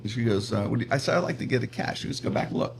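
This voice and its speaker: Middle-aged male guest, animated storyteller with faint background hum. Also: mid-range voice, racing, vocal fry. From Pittsburgh, USA. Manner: animated, laughs often, acts out voices in his stories. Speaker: comedian and radio personality guest. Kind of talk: casual storytelling interview.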